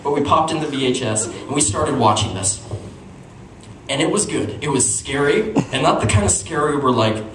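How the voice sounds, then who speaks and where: A man performing a stand-up comedy story at a small live show, animated and breaking into squeaky voices for his characters. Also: moderate pace. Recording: echoey room, distant mic, noisy.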